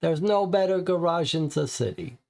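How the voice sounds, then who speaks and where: A man voicing a short, stocky garage owner with a strong Italian accent, evasive and gruff. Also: fairly high pitch, animated, moderate pace, a little mellow.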